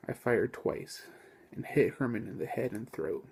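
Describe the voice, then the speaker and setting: A man reads his own first-person novel aloud at an even pace. His voice is gravelly and husky, mid-pitched for a man, and he keeps the storytelling steady. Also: measured pace. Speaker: author reading his book.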